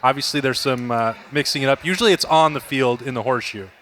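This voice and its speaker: A man's voice: mid-range voice, fast. A man hosting as a sports reporter, chatting casually about a rivalry. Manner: chatty, mimics shouts when quoting.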